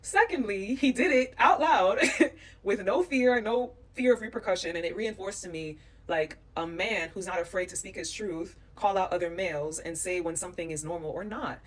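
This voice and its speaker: A woman's voice: mid-range voice, moderate pace, distant mic. A woman from the United States telling a travel story in a vlog, animating it with quoted voices. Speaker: vlogger recounting a trip.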